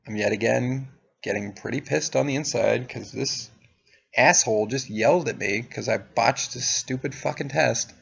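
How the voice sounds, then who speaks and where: A young man recounts a story to camera in a casual, profane, sardonic tone. His voice is gravelly and husky. The recording sounds dull and lo-fi. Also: medium pitch, moderate pace, fairly bright tone. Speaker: vlogger.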